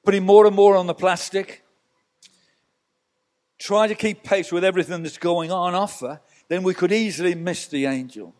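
A man's voice: sits high, normal speed, a little mellow. A male pastor preaching a sermon in church, telling stories with rhetorical asides to the congregation.

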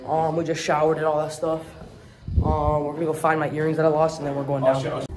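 A man's voice: a little high, completely flat delivery, brisk, background noise. Hyped slangy teenage boy vlogging. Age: teens. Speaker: music producer and vlogger. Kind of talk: casual vlog chat.

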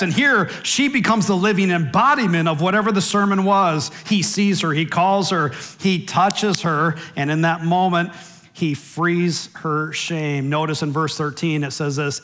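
American preacher guy in church, lively sermon, fairly high voice, goes quiet for side comments. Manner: animated preaching, drops low for asides, bursts into song. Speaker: pastor. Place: church sanctuary.

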